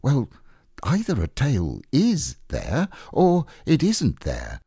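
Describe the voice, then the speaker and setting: A man's voice: mid-range voice, wildly swooping pitch, slow, dark tone, slightly rough, no room sound, studio quality, pitched above the performer's own voice, full character voice. A man reading a storybook aloud, voicing a kind, simple, earnest male bear in a lifted voice.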